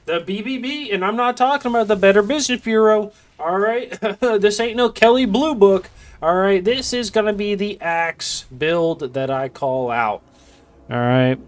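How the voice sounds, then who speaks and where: A man's voice: high voice, measured pace. A man casting a video game match in a casual, rambling way with joking asides. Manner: rambling, joking asides, lots of "you know". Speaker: esports caster.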